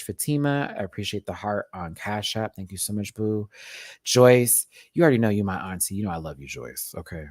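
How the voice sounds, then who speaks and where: A man's voice: fairly low pitch, fairly bright tone, dry recording, studio quality. A young man hosting a casual livestream, reading out viewer messages with affectionate pet names and laughing often. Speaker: drag race review host.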